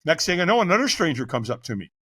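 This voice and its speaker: High bright-voiced guy telling a wild story on a podcast, voice jumps all over, laughs a lot. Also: very fast, slightly rough. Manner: animated, vivid storyteller who acts out quotes and laughs often. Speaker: guest, fire captain.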